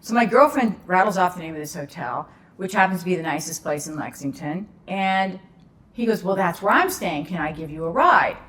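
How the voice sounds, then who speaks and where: A woman tells a story as a podcast guest, chatting casually. Her voice sits a little low. She acts out the people in the story with lively shifts. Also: fairly quick. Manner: animated storyteller acting out quoted dialogue.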